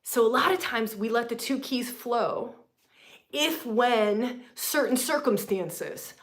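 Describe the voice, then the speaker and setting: A woman leading a spiritual teaching session live, swinging from loud, emphatic, profane lines to hushed whispers and repeating phrases for effect. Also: fairly high pitch, slow. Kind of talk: impassioned spiritual teaching on a livestream.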